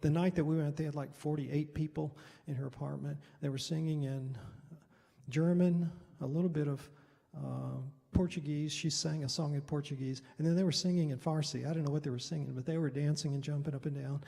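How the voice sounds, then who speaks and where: A man's voice: a little high, fairly even intonation, a little fast, creaky, dark tone. A middle-aged man, a Baptist pastor, telling a mission story at a Bible study in a loose, rambling, conversational way. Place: church hall. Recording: reverberant hall.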